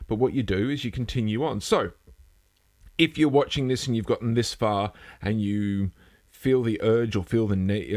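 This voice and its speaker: With a mid-range voice, a man hosts a relaxed live news broadcast from home, wandering in his talk, putting himself down, and repeatedly trailing off and restarting.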